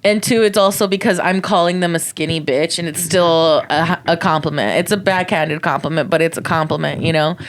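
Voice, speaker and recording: A young woman stand-up comic chatting on a podcast, swearing often, laughing and acting out quotes in a high voice. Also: brisk, hardly any pauses, slight background noise. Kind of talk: casual chat, storytelling.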